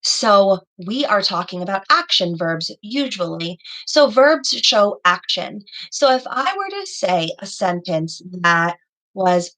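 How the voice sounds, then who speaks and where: A woman's voice: mid-range voice, very animated, slow pace, sharp tone, poor audio. A woman teaching young children in an online class over a video call, patient and encouraging, praising her students by name. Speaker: elementary school teacher.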